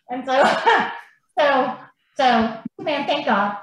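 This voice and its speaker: Woman, high voice, animated blunt storyteller, swears, very echoey room, faint background noise. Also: drawn-out words. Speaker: podcast guest. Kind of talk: casual storytelling.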